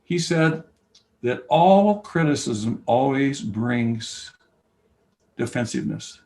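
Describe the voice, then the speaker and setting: An older man, a basketball coach and camp founder, talking as an interview guest, telling stories and acting out quoted dialogue, from loud to whispering. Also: medium pitch, slow, low-quality recording. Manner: animated storyteller, acts out quoted dialogue, swings from loud to whispering. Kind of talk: conversational interview, storytelling.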